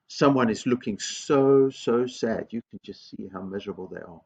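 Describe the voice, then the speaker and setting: A man's voice: mid-range voice, animated, moderate pace, creaky, few pauses. A man speaking as a headteacher in a school video assembly, earnest and encouraging, repeating his key phrases.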